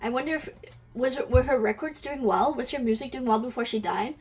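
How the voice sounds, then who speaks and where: A woman's voice: a little high, a little fast, darkish tone, husky. A woman giving an intuitive energy reading to camera, musing aloud, asking questions and talking directly to her viewers, easily moved to emotion.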